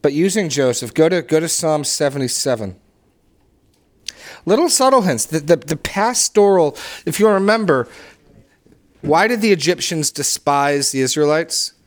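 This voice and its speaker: A man's voice: a little high, expressive, moderate pace. A man leading a Bible study discussion, enthusiastic and emphatic, often restarting and repeating words as he teaches. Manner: emphatic when stressing scripture phrases.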